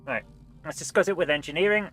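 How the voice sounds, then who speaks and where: A woman's voice: low voice, quick pace, fairly bright tone, soft background music. A woman streamer chatting casually over live gameplay while fighting a cold, reading game text aloud in playful voices. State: has a cold.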